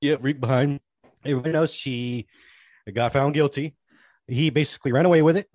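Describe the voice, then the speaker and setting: A man's voice: medium pitch, a little fast, dry recording. Man, 40s, podcast co-host, rambling storyteller, dry close sound. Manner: rambling storyteller, chatty and animated. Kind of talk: casual chat.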